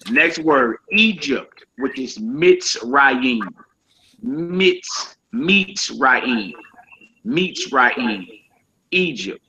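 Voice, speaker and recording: A man teaching a casual Hebrew vocabulary lesson, saying each word slowly and repeating it, with relaxed slang asides to his listeners. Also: mid-range voice. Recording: dull lo-fi sound.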